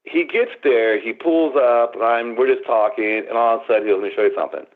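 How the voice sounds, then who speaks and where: A man's voice: mid-range voice, fast talker. A man guest on a radio show, telling his story dramatically over the phone. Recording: tinny phone line.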